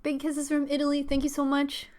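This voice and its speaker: A woman's voice: high voice, completely flat delivery, fairly quick, darkish tone. A young adult woman hosting a casual live stream, chatting in a rambling way with fillers and small laughs. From Pennsylvania, US.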